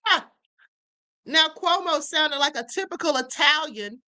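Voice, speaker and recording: Woman, live-stream host, casual commentary, emphatic, bright tone. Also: sits high, animated, measured pace. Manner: emphatic, keeps saying "okay" and "honey"; laughs and teases her viewers. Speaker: livestream host.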